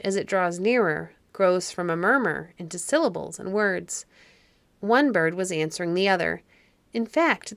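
A woman narrating a children's fairy story audiobook in a calm, measured way. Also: mid-range voice, no echo.

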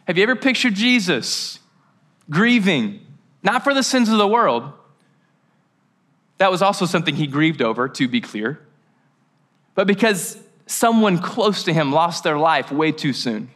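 A man's voice: fairly high pitch, lively intonation, measured pace, pauses often, fairly bright tone. A man from Kentucky preaching a casual, joking sermon in church, with slangy asides. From Mayfield, Kentucky, USA. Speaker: pastor. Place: church service. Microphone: handheld or headset mic.

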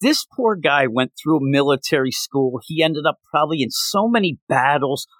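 A man hosting a podcast, recapping a comic in casual, rambling, animated chat with lots of filler words. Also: on the high side, moderate pace, no echo. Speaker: podcast host.

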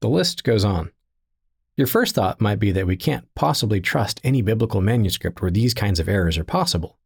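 Man, husky voice, gravelly edge, measured scripted narration. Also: fairly low pitch, expressive. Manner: measured, deliberate reading.

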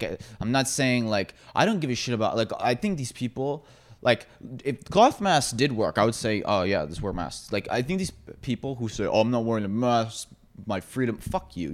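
A man in casual conversation who speaks bluntly and matter-of-factly, swearing freely. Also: fairly low pitch. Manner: blunt, profane, matter-of-fact. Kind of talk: casual podcast chat.

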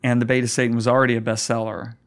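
A man's voice: flat delivery, racing. Earnest middle-aged male pastor. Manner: earnest, emphatic, voice climbs high when stirred. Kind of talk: storytelling in a conversation.

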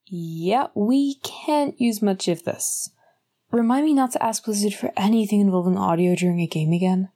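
A woman's voice: medium pitch, moderate pace, mellow, close to an everyday voice. A woman voicing a young female media staffer with a wry, exasperated manner.

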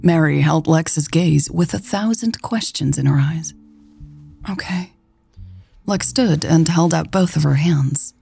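Low husky woman reading a romance story, dark mellow tone, faint music underneath. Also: a little slow, few pauses. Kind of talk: scripted audiobook narration.

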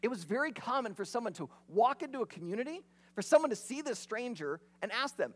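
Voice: medium pitch, very animated, fast talker, few pauses. A pastor preaching a sermon in a conversational, storytelling way.

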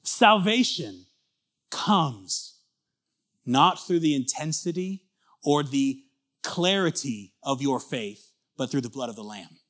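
A man preaching a sermon as a pastor, conversational and animated, with frequent restarts and emphatic rises. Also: medium pitch, slow pace.

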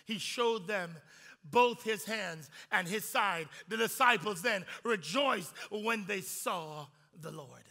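A man preaching an Easter sermon to his congregation, swinging from hushed whispers to shouts and acting out the voices of the people in his story. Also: sits high, in a large hall. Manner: acts out quoted voices of disciples and Jesus. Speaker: pastor.

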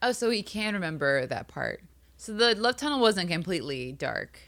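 A woman with a slightly low, bright and forceful voice joins a casual TV recap. She mostly adds short comments and questions to her co-host's retelling. She co-hosts a podcast. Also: very animated, moderate pace. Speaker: podcast co-host.

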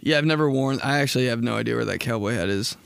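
A man's voice: medium pitch, very fast, gravelly, fairly bright tone, clean tone, dry recording. Profane rambling young man, dry close mic. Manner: rambling, profane storytelling with impressions. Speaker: podcast host. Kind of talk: casual solo comedy podcast.

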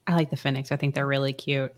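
A woman's voice: a bass voice, flat delivery, quick pace. A woman hosting a casual interview, reacting with short exclamations and asking questions. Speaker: podcast host.

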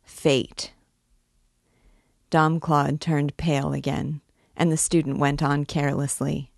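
A woman reading a classic novel aloud with steady, expressive delivery. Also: sits low, moderate pace, gravelly, no room sound, clean studio sound. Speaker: reader.

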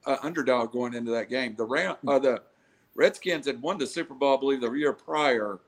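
A man's voice: mid-range voice, brisk. A man co-hosts a casual sports podcast in a mid-range voice. He stammers and repeats words as he chimes in. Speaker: podcast co-host.

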